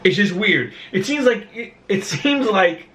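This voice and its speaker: A man in his thirties chatting casually as a vlog co-host, telling stories with animated, mock-indignant emphasis. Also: high-pitched, measured pace, reverberant. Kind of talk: casual chat.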